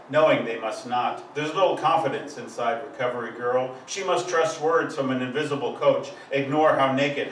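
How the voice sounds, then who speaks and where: A man's voice: medium pitch, a little hiss or hum. A man giving a live poetry reading, with a rhythmic, emphatic delivery that drives through long lists. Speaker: poet. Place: live poetry event venue. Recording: echoey room, distant mic, faint ambience.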